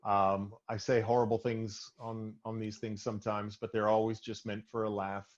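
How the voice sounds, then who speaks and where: A man from Boston, a stand-up comedian guest, laid back and deadpan, slipping crude jokes into the chat. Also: lowish voice, normal speed, dull audio. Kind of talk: casual interview chat.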